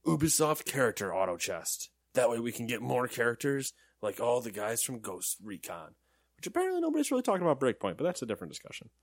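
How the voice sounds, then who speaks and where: A young man hosts a relaxed gaming news podcast, cracking jokes and laughing between stories. His pitch moves lively up and down, and the sound is dry and close with no room. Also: quick pace, dry recording. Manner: jokey, animated, laughs often. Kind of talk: casual chat.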